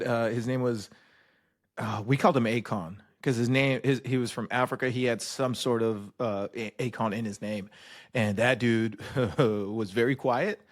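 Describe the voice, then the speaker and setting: A man hosting a podcast, telling barracks stories animatedly and swearing freely. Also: mid-range voice. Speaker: podcast host. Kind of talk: casual conversation, storytelling.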